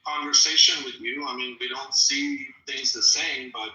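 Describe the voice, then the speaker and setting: A man's voice: medium pitch, steady tone, normal speed, sharp tone, echoey room, poor audio. Argumentative man with a Persian accent. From Iran. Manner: argumentative, mocking, insists he is polite. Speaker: debate participant. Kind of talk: heated online debate.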